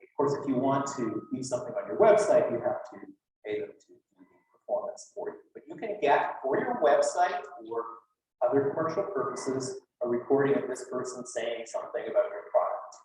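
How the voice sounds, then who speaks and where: A man's voice: mid-range voice, expressive, fairly quick, darkish tone, slight background noise. Guy giving a chatty conference talk, lots of ums, recorded from far back in a big echoey hall. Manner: chatty, loose, with many fillers. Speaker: lecturer. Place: lecture hall.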